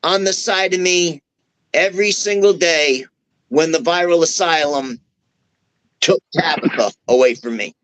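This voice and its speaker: On a podcast, a wrestler guest with a voice on the high side spins a lengthy tale at a measured pace, swearing casually and animatedly performing the dialogue he quotes. The recording is low quality.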